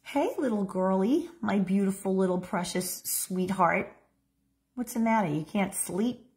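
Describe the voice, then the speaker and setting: Woman as a tender mother at the bedside, soft and reassuring, a touch higher than usual. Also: animated, slow pace. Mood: soothing. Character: gentle, nurturing mother comforting her child.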